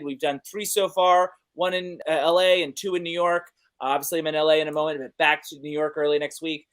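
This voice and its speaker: Man, film show host, chatty, upbeat, joking, casual. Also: high-pitched. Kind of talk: casual podcast chat.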